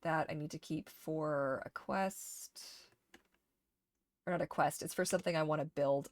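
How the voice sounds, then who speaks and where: A woman streamer casually chatting to herself while sorting items in a game, getting animated when something excites her. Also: low-pitched, unhurried, no echo. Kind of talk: casual gameplay chat.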